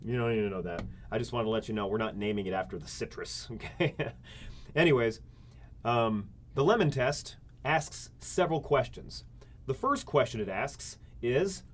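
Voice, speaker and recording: A community college government instructor is recorded giving a classroom lecture in a casual, conversational way. His medium-pitched voice is animated and moves at a normal speed as he poses rhetorical questions to students and acts out small scenarios.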